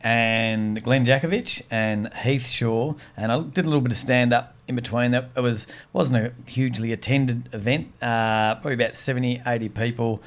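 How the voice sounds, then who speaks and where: Aussie guy telling a funny gig story, animated, does little voices for people. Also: medium pitch, normal speed, hardly any pauses. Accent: Australian. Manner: animated, acts out quoted voices. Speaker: comedian podcast co-host. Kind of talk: casual comedic storytelling.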